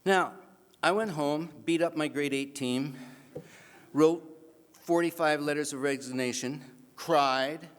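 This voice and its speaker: At an awards event in a banquet hall, a Canadian man tells an animated, self-mocking anecdote, acting out the voices of the other people in it. His pitch is fairly high, and he speaks slowly with long pauses. The reverberant hall PA colors the sound.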